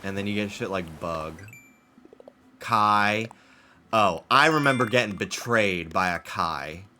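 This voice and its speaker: A man's voice: on the low side, takes it slowly, pushed and bright. Profane, laughing man streaming a game. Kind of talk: casual game stream chat.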